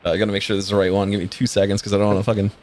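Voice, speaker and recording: A man's voice: lowish voice, little pitch movement, very fast, a little mellow, slight background noise. A man narrating as game master in a casual, swearing way with lots of "uh" fillers.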